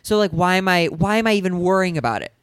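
A woman's voice: lowish voice, quick pace, clean tone, no echo. A woman from the Midwest co-hosting a casual podcast, trading wry, playful banter. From American Midwest. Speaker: podcast co-host. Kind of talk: casual chat.

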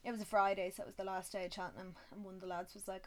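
A woman's voice: medium pitch, level tone, rapid-fire, few pauses. A woman, telling stories in a casual, self-mocking way and swearing freely. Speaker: vlogger. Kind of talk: casual storytelling.

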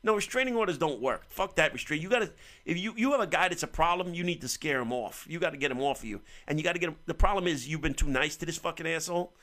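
A man's voice: on the high side, expressive, fast, a bit bright. A male radio host giving crude, profane comedic advice to a caller in a brash, riffing manner.

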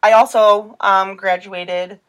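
A woman's voice: mid-range voice, flat delivery, takes it slowly. A woman co-hosting a casual true-crime podcast, telling a case in a chatty, rambling way with many fillers. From Midwestern United States. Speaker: podcast co-host.

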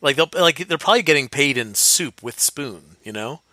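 A man's voice: fairly high pitch, expressive, normal speed, pushed and bright, dry recording. A man co-hosting a casual podcast chat, enthusiastic, with many false starts. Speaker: podcast co-host.

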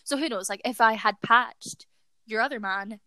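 A woman's voice: a little high, moderate pace, sharp tone, dry recording. A young woman co-hosting a podcast, telling a personal story in casual chat and talking to her listeners. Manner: chatty storytelling, giggly, addresses listeners. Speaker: podcast co-host.

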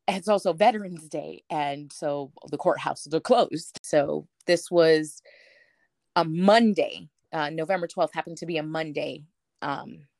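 A woman telling a personal story as an interview guest, animated, acting out the voices of the people she quotes, with lots of "like". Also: low voice, dry recording, clean studio sound. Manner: frequent "like" fillers.

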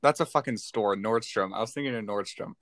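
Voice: medium pitch, moderate pace, fairly bright tone, dry recording. A young co-host chatting casually on a podcast, laughing often and getting flustered. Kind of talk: casual chat.

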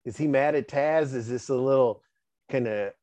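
A man's voice: medium pitch, moderate pace, warm tone, no echo. A man hosting a wrestling chat, joking, laughing and asking pointed questions. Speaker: podcast host, wrestling fan. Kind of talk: casual podcast chat. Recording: dull dry lo-fi sound.

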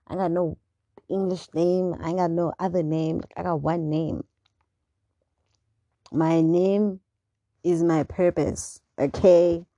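A young South African woman hosting her own show, talking in an animated, indignant monologue. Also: on the low side, no room sound. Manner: animated and indignant, mixing English with local words. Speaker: podcast host. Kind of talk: casual monologue.

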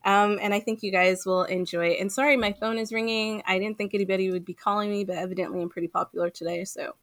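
A woman co-hosting a gaming podcast in casual chat, talking fast with many fillers and frequent laughs. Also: mid-range voice, little pitch movement, a bit bright, no echo, clean studio sound. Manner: chatty, fillers of "like", laughs often. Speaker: podcast co-host.

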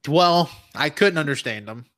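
A young man from Alabama with a Southern US accent, hosting a casual podcast chat, animated and swearing freely. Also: on the high side, normal speed. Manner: animated, swearing, laughing often. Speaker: podcast host.

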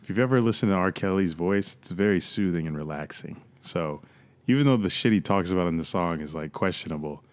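Deep-voiced young man, joking casually. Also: expressive, a little fast. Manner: joking, loose and profane. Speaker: podcast co-host. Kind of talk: casual chat.

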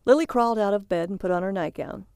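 Woman, story narrator, matter-of-fact, gravelly, dry room. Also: medium pitch, fast, darkish tone, dry recording.

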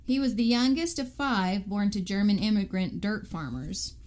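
A woman's voice: medium pitch, moderate pace, darkish tone. A woman co-hosting a casual podcast, telling the story in a matter-of-fact way. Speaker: podcast co-host.

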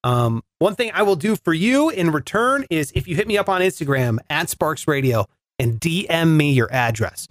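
A man's voice: on the high side, big pitch swings, moderate pace, dry recording. A man hosting a podcast, telling a comedic story in a chatty, sarcastic way. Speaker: podcast host.

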